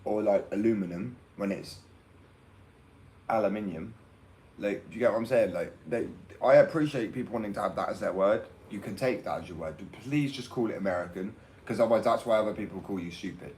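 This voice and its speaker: A man's voice: lowish voice, quick pace, darkish tone, a little hiss or hum, low-quality recording. A young man with an English accent, talking in a brash, rambling casual rant and swearing freely. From England.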